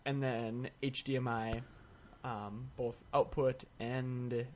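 A man co-hosting a podcast, talking tech news in a relaxed, wry way with quick asides. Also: medium pitch, a little hiss or hum. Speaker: podcast co-host. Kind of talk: casual tech chat.

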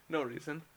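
A man co-hosting a casual chat show, teasing his co-host playfully. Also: background noise.

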